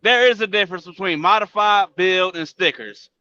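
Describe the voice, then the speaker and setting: Man, panelist, bright sharp voice, animated, lo-fi. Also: sits high, normal speed. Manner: animated, thinking out loud. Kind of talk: casual group discussion.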